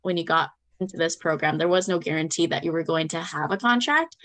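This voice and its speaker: A young woman with a slightly low voice tells her story as a guest in a relaxed interview. She is chatty and animated, slipping into quoted voices and laughing along the way.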